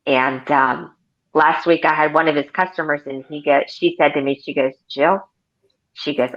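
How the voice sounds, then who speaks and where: A woman's voice: low-pitched, steady tone, normal speed, fairly bright tone, highs cut off. A woman in her forties, a car sales consultant, chatting in an interview and telling stories with many fillers and restarts. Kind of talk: casual interview.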